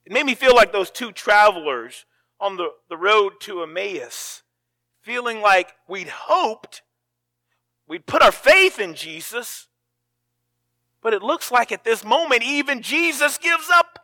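A man preaches with a bright, forceful voice pitched a little high. His delivery is dramatic, dropping to a hush and then rising to a cry, with words often repeated. The recording is dry and close, with no room sound. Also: animated, a little slow, no room sound. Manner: dramatic, swings from hushed to loud, repeats words. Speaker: pastor. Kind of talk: sermon.

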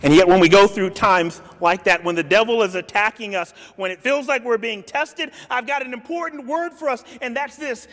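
A man preaching a sermon in a dramatic way, swinging between soft and loud and acting out the quotes he reads. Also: high-pitched, moderate pace, hardly any pauses. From grew up in a city. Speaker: pastor. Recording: long reverb of a large hall.

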